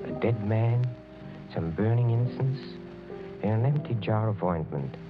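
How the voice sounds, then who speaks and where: A middle-aged actor playing a sinister aristocratic count who speaks in a smooth, insinuating way and chuckles often, in an old radio drama. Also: male voice, fairly low pitch, lively intonation, unhurried, music in the background. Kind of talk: 1940s radio acting. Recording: dull lo-fi old radio broadcast.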